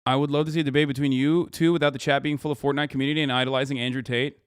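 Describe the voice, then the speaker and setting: A man's voice: medium pitch, level tone, rapid-fire, clear, resonant tone, dry recording. A man in his thirties hosting a livestream, reacting to a debate with a heated, profane, sarcastic rant into a studio mic. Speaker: livestream host.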